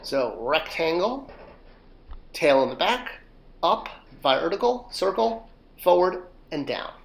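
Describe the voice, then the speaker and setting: A man's voice: a little high, very animated, slow pace, gravelly. A man hosting an online drawing lesson, talking through each stroke with playful, self-mocking jokes. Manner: playful, self-mocking asides while sketching step by step. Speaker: drawing teacher.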